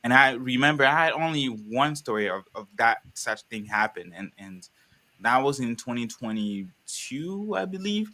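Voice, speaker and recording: Bright-voiced man from the Congo. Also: mid-range voice, moderate pace. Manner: animated, rambling, with frequent restarts. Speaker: panelist. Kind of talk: live online panel conversation.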